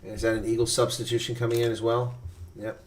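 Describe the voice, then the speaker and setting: A man giving live reaction play-by-play commentary, excitable and blunt, his voice climbing sharply during big plays. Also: medium pitch, a little fast, a little hiss or hum. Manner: blunt and opinionated.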